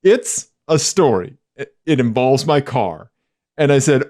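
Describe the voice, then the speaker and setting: A man co-hosting a podcast in casual chat, excitable, his voice jumping up high when surprised. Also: measured pace. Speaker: podcast co-host.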